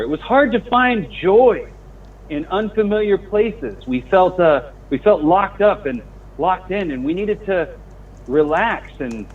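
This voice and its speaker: A man's voice: fairly high pitch, breathy edge. A man playing a smarmy, innuendo-loving morning show host, speaking with hammy fake sincerity. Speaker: improv comedy show host. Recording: dull lo-fi stream audio.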